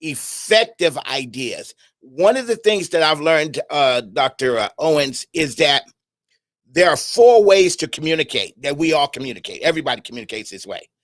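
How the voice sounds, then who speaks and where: On an internet radio show, a middle-aged man with a voice on the high side gives an animated, preaching-style talk at normal speed. He's conversational, fires questions at his listeners, and often repeats and restarts his words. The studio sound is clean, with no echo.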